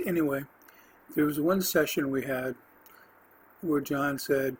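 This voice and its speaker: A man hosting a podcast, telling his personal faith testimony in an earnest, rambling way, with restarts and the odd throat clearing. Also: fairly high pitch, slow, poor audio. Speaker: podcast host.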